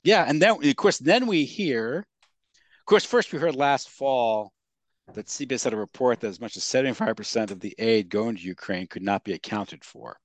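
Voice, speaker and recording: A man's voice: mid-range voice, animated, moderate pace, no echo. A man in casual political chat, talking in a rambling way with many fillers and restarts.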